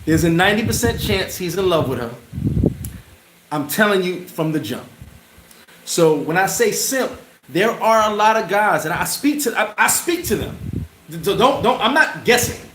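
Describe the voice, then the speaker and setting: A man with a high voice hosts a casual livestream. He answers chat comments in an animated, slangy way and laughs often. He is recorded in a roomy space with loud noise behind him. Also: normal speed. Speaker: channel host answering live chat. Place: bar.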